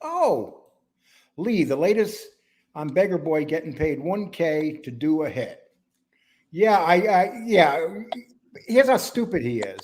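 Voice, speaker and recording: A man's voice: a little high, very animated, takes it slowly, a little mellow. A man from New York with a New York accent blended with a Wisconsin one, hosting a casual podcast in a rambling, talkative way that jumps between topics. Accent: New York mixed with Wisconsin. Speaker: podcast host.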